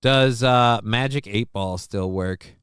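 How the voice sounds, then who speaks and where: A middle-aged man chats on his home live stream in a bright, clear voice, recorded close and dry with no room sound. He rambles, swears casually and reads viewers' comments aloud. When he quotes people he lifts into a livelier voice. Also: mid-range voice, takes it slowly, no room sound. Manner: quotes himself and others in livelier raised voice. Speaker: livestream host. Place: home desk.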